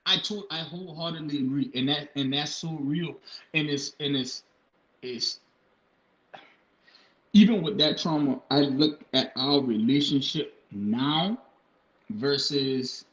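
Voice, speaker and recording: A young adult man, chatting casually on a podcast in an animated way and slipping into high acted bits. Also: slow pace, pauses often. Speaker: podcast co-host. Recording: echoey room, dull lo-fi sound.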